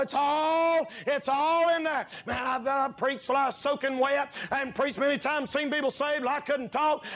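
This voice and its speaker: A man preaching a sermon, telling folksy stories and swinging between low, quiet asides and loud, drawn-out preaching. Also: highs cut off, slight background noise. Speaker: pastor.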